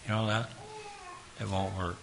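Slow, earnest man preaching a sermon. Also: on the low side, flat delivery, creaky, a little hiss or hum. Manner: slow, earnest, repetitive preaching with sudden loud emphasis.

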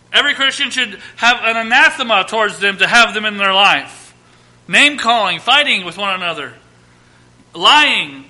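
A pastor in his thirties delivers a sermon in a high, very bright voice, pounding through lists and repeated phrases before dropping into quiet asides.

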